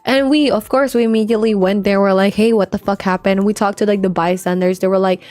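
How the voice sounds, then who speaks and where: A young woman from the Philippines talks fast while gaming on stream, chatty and loose, cursing freely and peppering her speech with "like." Her mid-range voice is darkish and fairly even, recorded dry with soft background music.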